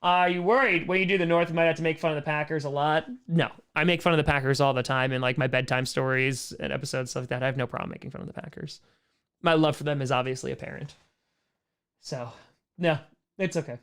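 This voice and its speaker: Male host, casual Q&A, slightly high and smooth, chatty. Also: a bit bright. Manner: chatty, repeats phrases, reads questions aloud. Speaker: host answering viewer questions. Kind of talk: casual livestream Q&A.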